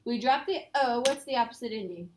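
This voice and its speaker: A woman's voice: a little high, animated, fairly quick, slight background noise. A woman teaching a casual review lesson, explaining step by step and quizzing her students. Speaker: Spanish teacher.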